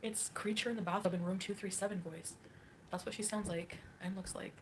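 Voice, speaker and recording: A woman's voice: mid-range voice, steady tone, a little fast, slight background noise. A woman livestreaming, reading chat and ranting in a catty, mocking way with frequent laughs.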